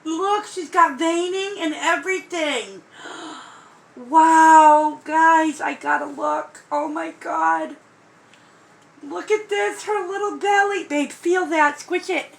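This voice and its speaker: A woman with a high, bright-pitched voice talks through an excited unboxing vlog. She speaks slowly and lingers on each word, gushing and gasping in breathless delight. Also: gravelly, poor audio. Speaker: vlogger unboxing a doll.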